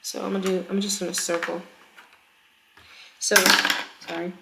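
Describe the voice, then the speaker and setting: A woman's voice: on the low side, flat delivery, moderate pace, vocal fry, very noisy. A woman teacher working through a math problem in a recorded lesson, chatty and explaining step by step with frequent checks for understanding. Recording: echoey room.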